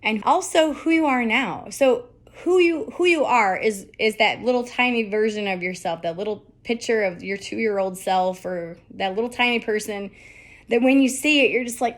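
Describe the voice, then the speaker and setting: A woman's voice: fairly high pitch, moderate pace. Candid, emphatic woman podcast host. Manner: candid and emphatic, swears freely, rhetorical questions. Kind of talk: motivational podcast monologue.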